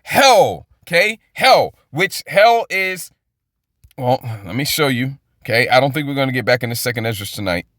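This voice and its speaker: A man's voice: medium pitch, lively intonation, moderate pace, a bit bright, dry recording, studio quality. A man teaching the Bible in an informal, rambling way, repeating words and checking in with "okay?" often. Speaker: preacher.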